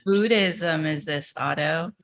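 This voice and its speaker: A woman acting student reading a scene in class with a slow, drawn-out delivery. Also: sits low.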